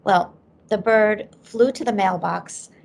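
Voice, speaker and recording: Brief: middle-aged woman, medium-pitched and gravelly, an animated podcast guest telling a story. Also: slow. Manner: animated storyteller who acts out quoted voices.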